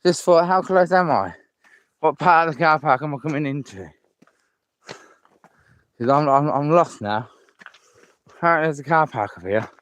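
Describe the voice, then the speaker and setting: Out of breath while climbing a hill path, an English vlogger films a live walking vlog on a handheld phone. His voice is on the high side and a bit bright, and he's chatty and enthusiastic about the scenery, often repeating himself.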